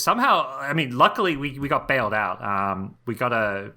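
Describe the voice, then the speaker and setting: A man who is a podcast guest, talking in relaxed casual chat, laughing easily and restarting his sentences. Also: medium pitch, moderate pace.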